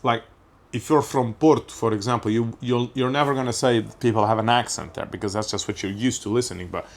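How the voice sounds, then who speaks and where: A man's voice: mid-range voice, steady tone, fairly quick. Rambling man musing on a podcast. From Portugal. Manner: rambling, self-interrupting, swears casually. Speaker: podcast host. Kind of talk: casual comedic monologue.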